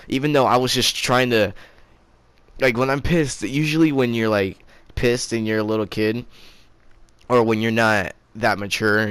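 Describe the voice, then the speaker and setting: A man's voice: lowish voice, fairly bright tone, clear, resonant tone, no room sound. A teenage boy telling a storytime vlog in a rambling, profane way, often restarting his sentences. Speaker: vlogger.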